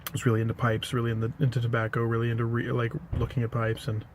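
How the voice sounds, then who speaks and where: A man's voice: mid-range voice, monotone, very fast, slight background noise. A man casually telling an anecdote to the camera, rambling, correcting himself and adding dry asides. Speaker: pipe-smoking vlogger.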